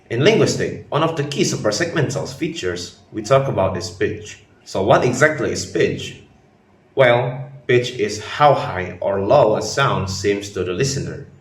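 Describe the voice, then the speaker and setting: A man's voice: on the low side, slight background noise. A young man, a student, giving a class presentation, explaining from notes. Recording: roomy, distant mic, faint ambience.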